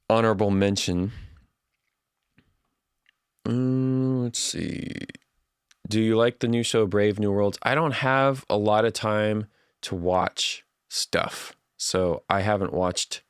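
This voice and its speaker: A man's voice: on the low side, smooth, dry recording, studio quality. A man hosting a livestream, chatting casually and reading out viewer comments. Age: adult. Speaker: livestream host.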